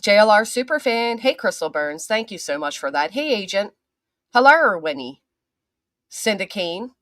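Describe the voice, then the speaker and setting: A woman's voice: mid-range voice, big pitch swings, moderate pace, fairly bright tone, no room sound, clean studio sound. A woman hosting a casual livestream, chatting and greeting viewers by name, swearing now and then. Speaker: channel host.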